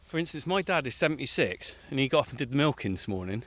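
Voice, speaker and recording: A man's voice: mid-range voice, very animated, quick pace, a bit bright. A man, chatting casually in a field as he digs and works, often laughing. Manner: chatty, laughs often, puffing while digging. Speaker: farmer on a radio feature. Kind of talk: casual outdoor chat while working. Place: outdoors in a farm field.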